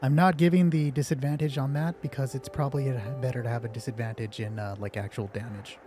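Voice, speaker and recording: Narrating a tabletop game on a live stream, this male game master talks fast in a steady, medium-pitched voice over music. He's jokey, self-mocking and chatty, yet a little nervous, and streams from home wearing headphones.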